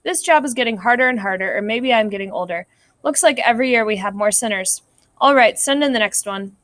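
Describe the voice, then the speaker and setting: A woman's voice: a little high, a little fast, fairly bright tone, no room sound, close to an everyday voice. A woman voicing a stern, weary male God in a read-aloud story, judging sinners.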